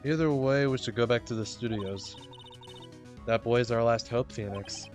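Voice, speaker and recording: A man voicing a calm, composed woman mentor in a quiet, measured voice while reading game dialogue aloud. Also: mid-range voice, faint music behind, pitched below the performer's own voice, natural voice.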